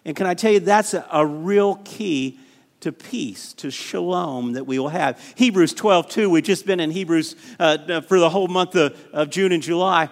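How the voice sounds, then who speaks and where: A man's voice: on the high side, normal speed. A middle-aged man preaching a sermon as a pastor, often repeating words and calling on the congregation to respond. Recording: reverberant church hall.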